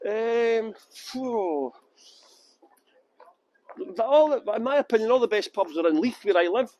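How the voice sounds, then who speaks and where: A man's voice: high voice, lively intonation, a little slow, a little mellow, a little hiss or hum, low-quality recording. A man with a Scottish accent from Edinburgh, guiding a live-streamed walking tour outdoors on city streets and talking in a jokey, self-mocking, chatty way into a handheld phone. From Scotland.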